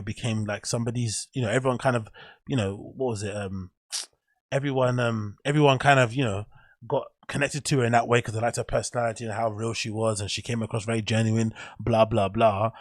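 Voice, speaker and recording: A man's voice: medium pitch, fairly even intonation, a little fast, dry recording. A man hosting a solo podcast, giving rambling, opinionated commentary. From England. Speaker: show host.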